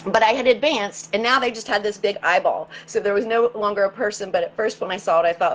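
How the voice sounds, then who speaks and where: A woman guest in an interview, telling a personal story in an earnest, halting way and often repeating words as she searches for them. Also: mid-range voice, a little hiss or hum, rough recording.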